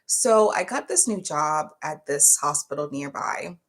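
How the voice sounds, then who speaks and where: A young woman casually telling a work story to her viewers, chatty and animated as she acts out what people said. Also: deep voice, unhurried. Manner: chatty, animated retelling with quoted voices. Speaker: vlogger.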